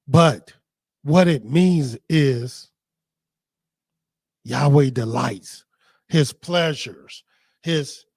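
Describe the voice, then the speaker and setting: A man teaching scripture in a deliberate, emphatic preaching manner. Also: on the high side, no echo, clean studio sound.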